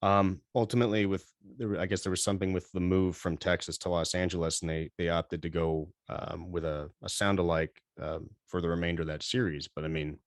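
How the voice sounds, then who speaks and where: A man's voice: deep voice, fairly even intonation, a little fast, few pauses, dry recording, studio quality. A man speaking as a voice actor guest on a convention panel, hesitant and full of fillers.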